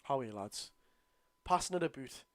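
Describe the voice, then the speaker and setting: A tired Geordie man hosting a live football watchalong, bursting out at the referee and grumbling low between plays. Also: moderate pace, no room sound. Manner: excitable outbursts at the referee, then low grumbling asides. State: tired, yawning. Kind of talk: live football watchalong commentary, reading chat.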